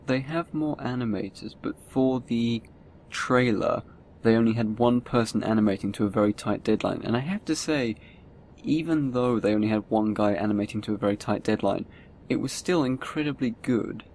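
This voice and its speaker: A man's voice: mid-range voice, moderate pace, slight background noise. A man co-hosting an amateur animation news show in casual chat, reading out titles and giving his opinions at length. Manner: relaxed, reads titles and comments at length.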